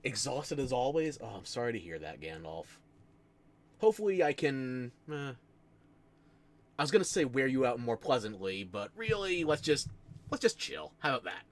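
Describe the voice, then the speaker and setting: A man's voice: medium pitch, very animated, moderate pace. A man from the United States with a New Jersey accent, chatting casually on a stream and telling self-mocking stories with frequent laughs.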